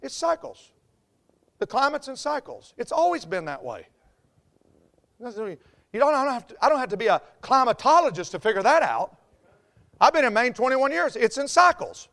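A man with a Southern US accent, preaching a folksy, joking sermon as a pastor, swinging between quiet asides and loud outbursts. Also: very high-pitched, big pitch swings, normal speed, gravelly, long pauses. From American South.

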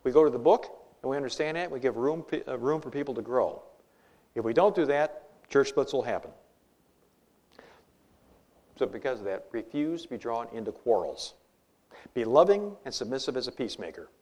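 A man preaching a sermon in church, emphatic and lively, with humorous asides. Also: medium pitch, normal speed, pauses often.

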